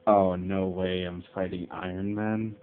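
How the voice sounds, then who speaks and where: Grumbling low-voiced man commenting gameplay. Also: flat delivery, measured pace. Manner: grumbling, shouting attack names. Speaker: let's play gamer. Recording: tinny lo-fi mic with faint hiss.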